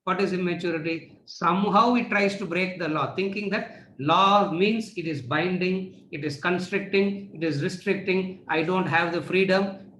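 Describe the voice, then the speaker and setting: A man's voice: high voice, normal speed, sharp tone, slight background noise. Man lecturing with rhetorical questions. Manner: repeats rhetorical questions and answers them. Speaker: spiritual teacher. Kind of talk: lecture to students. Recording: echoey room.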